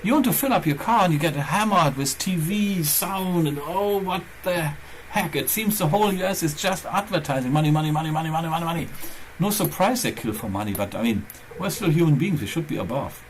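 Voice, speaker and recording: A man's voice: on the high side, expressive, normal speed, a little hiss or hum, low-quality recording. A man hosting his own channel, chatting casually and rambling as he thinks aloud, with phrasing. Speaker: channel host. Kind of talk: casual chat.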